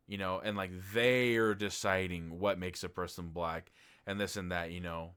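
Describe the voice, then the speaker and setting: A man with a very low, deep voice chats through a casual review of a TV show. He rambles and circles back with plenty of fillers and a bit of swearing, sounding like an off-the-cuff vlog. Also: steady tone, normal speed, a bit bright, clear, resonant tone. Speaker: TV review vlogger.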